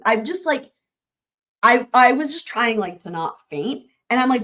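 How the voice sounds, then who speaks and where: A woman hosting a live-stream recap, chatting excitedly and rambling with lots of restarts. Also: a little high, brisk. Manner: addresses viewers directly as y'all. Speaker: YouTube trial-recap host. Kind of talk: live-stream chat with viewers.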